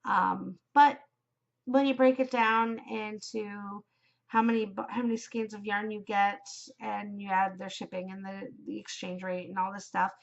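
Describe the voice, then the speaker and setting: A middle-aged woman from Canada chats through her solo podcast, upbeat and rambling, filling her pauses with ums. Her voice sits at a medium pitch for a woman. The recording is a little dull and muffled, like a simple home setup. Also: little pitch movement, gravelly. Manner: chatty and upbeat, with frequent ums. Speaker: podcast host. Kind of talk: casual solo podcast chat.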